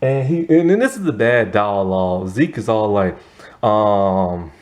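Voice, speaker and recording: A man's voice: on the low side, a little slow. Guy rambling thru a movie plot, voice bouncing all over, keeps cracking up at it. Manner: animated, laughs at the plot, acts out quotes. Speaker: movie reviewer. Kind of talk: casual movie recap.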